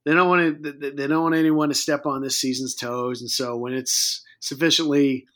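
A man's voice: medium pitch, fairly even intonation, normal speed, fairly bright tone. Guy cohosting a chatty podcast, dry jokes, lots of ums. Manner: dry, joking asides with hesitant fillers. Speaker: podcast co-host. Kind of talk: casual chat about a dating show.

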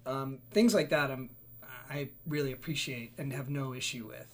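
A man's voice: mid-range voice, normal speed. A man, a location manager, talking in a laid-back, easygoing way as a guest in a casual chat, thinking aloud.

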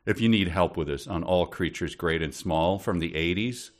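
A man co-hosting a casual book podcast, joking through quick asides. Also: low voice. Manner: jokey, quick asides, breaks into silly voices. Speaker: podcast co-host.

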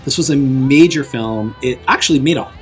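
A woman's voice: very deep voice, moderate pace, faint music behind. A woman hosting a film podcast, steering the talk in a wry, casual way. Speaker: podcast host.

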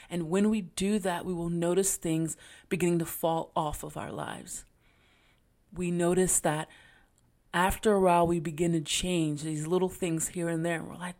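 A woman's voice: fairly low pitch, steady tone, moderate pace. A woman hosting a faith podcast, talking in an earnest, encouraging way with casual slang. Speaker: podcast host.

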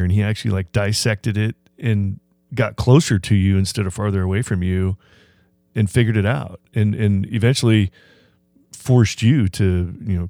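A man hosting an interview, reflecting on his guest's story in a halting way with frequent restarts. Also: lowish voice, gravelly, mellow, no room sound. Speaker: host.

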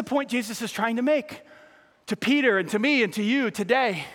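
High, bright-voiced man preaching in a hall. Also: moderate pace. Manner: animated preaching, acting out quoted voices. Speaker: pastor. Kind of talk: sermon. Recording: long hall reverb.

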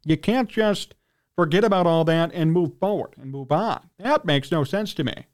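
At a moderate pace, a high-voiced male sports radio host rants angrily and indignantly, sounding like a fan worked up about his team. Throat-clearing interrupts him repeatedly.

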